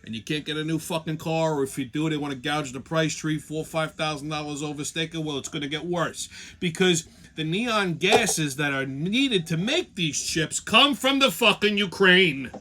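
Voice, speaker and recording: Man, show host, comedic rant, swearing and sarcastic, bright forceful tone. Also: on the high side, moderate pace. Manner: profane, sarcastic and rambling.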